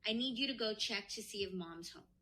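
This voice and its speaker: A woman co-hosting a podcast, casually retelling a story with animated quoted voices and lots of swearing. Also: medium pitch, brisk. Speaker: podcast co-host.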